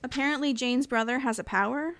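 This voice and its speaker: A young woman co-hosting a podcast, speaking bluntly in casual chat, swearing and restarting in quick bursts. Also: high voice, a bit bright, no room sound. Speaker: podcast co-host.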